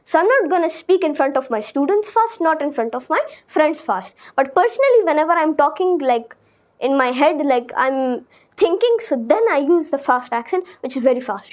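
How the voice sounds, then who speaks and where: A woman English teacher chats casually to her class in a high voice. She talks loosely with lots of fillers and often speeds into very quick runs of words. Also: lively intonation. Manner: chatty, rushes into bursts of very fast speech. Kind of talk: casual spoken lesson.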